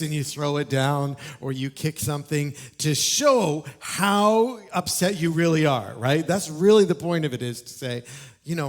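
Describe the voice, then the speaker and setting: Pastor telling a story. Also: male voice, fairly high pitch, a little slow. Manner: animated storyteller, asks the congregation questions. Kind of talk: sermon. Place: church auditorium.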